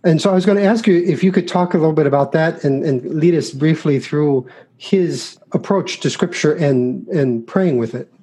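A man's voice: on the high side, moderate pace, mellow, husky. A man hosting a podcast, asking casual, slightly hesitant questions. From United States. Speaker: podcast host. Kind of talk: podcast interview.

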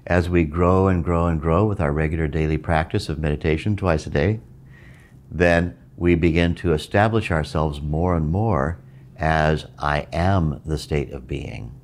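A middle-aged meditation teacher gives a reflective talk at a measured pace, repeating phrases for emphasis. There is also a low rumbling in the background.

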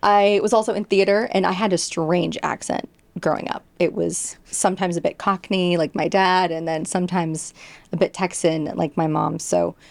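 Woman from England, guest, chatty and upbeat, gravelly edge, dry close sound. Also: fairly low pitch, steady tone, normal speed, no echo. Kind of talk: casual chat.

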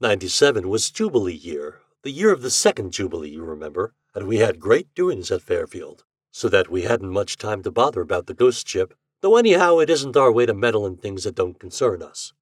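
Lively husky male storyteller. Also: on the low side, a little fast, dry recording, studio quality. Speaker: podcast reader. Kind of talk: storytelling narration.

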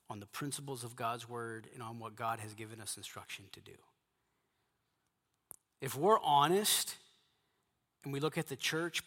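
A man's voice: mid-range voice, fairly bright tone. Emphatic man preaching in a reverberant hall. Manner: emphatic preaching with repeated phrases. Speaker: pastor. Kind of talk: sermon to a men's gathering.

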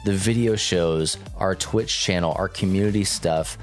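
A young man co-hosting a casual podcast, talking in an animated, jokey way with quick asides. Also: low voice, faint music behind. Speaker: podcast co-host.

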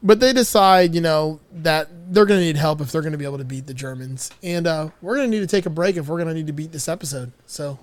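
A man's voice: on the high side, fast talker, hardly any pauses, no echo. A man co-hosting a podcast, casually recapping a film with loose, profane humor. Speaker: podcast co-host.

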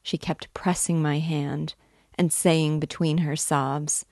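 A woman reads a novel aloud in a measured, unhurried way. Her voice is low and gravelly, and the pace is slow. The recording is close and dry. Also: steady tone, a little mellow, no room sound. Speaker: reader and guide.

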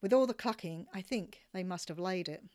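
A woman reading her travel memoir aloud with wry, expressive storytelling. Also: fairly low pitch, a little fast. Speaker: narrator.

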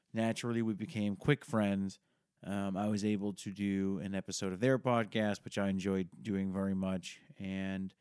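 A man talks through a casual podcast intro in a lowish, smooth voice. He rambles and mocks himself, dropping curse words freely. The sound is dry and close, with no room around it. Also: a little mellow, no echo. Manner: rambling, self-mocking, swears a lot. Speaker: podcast host.

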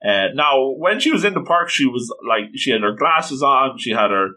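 A man casually retelling an anime episode, animated and slipping into quoted lines. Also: mid-range voice, moderate pace. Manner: animated, quoting characters in passing. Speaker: anime recap commentator.

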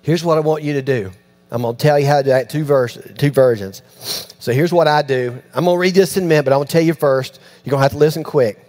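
A fairly high-pitched man delivers a sermon with animated storytelling. He acts out the voices of the people he talks about and drops to hushed tones for quiet lines. A faint electrical hum sits under the recording. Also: quick pace, soft background music. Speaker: pastor.

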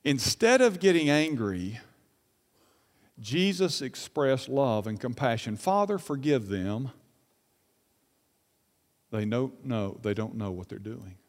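A middle-aged male pastor preaching a sermon, rising to emphatic peaks, dropping to hushed lows, and putting rhetorical questions to the congregation. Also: expressive, slow, pauses often. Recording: reverberant church hall.

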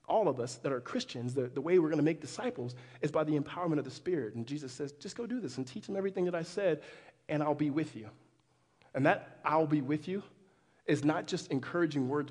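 A man preaching a sermon as pastor, animated, with frequent restarts. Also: fairly high pitch, husky. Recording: long hall reverb.

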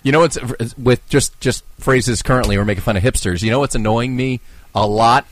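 Joking mid-pitched man from New Jersey. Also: a little hiss or hum. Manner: joking, quick banter with cursing. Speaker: podcast co-host. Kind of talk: casual chat.

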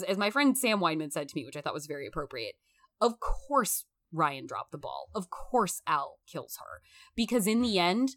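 Bright, animated woman discussing a film. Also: on the low side. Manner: animated, emphatic, swears freely.

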